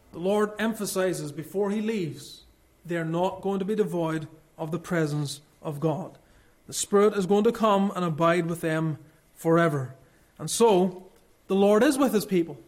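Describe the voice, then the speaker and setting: A preacher delivering an expository sermon, reading scripture in old-fashioned wording with slow, stressed phrases. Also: male voice, high-pitched.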